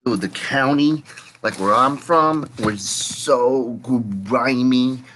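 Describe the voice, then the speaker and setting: A man's voice: mid-range voice, takes it slowly, sharp tone, a little hiss or hum. A man chatting casually in a laid-back, profane way. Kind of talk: casual chat.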